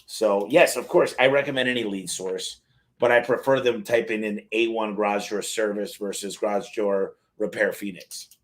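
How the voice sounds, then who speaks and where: A man's voice: lowish voice, fairly even intonation, normal speed. A man hosting a casual live question-and-answer stream, talking loosely and reading lists aloud.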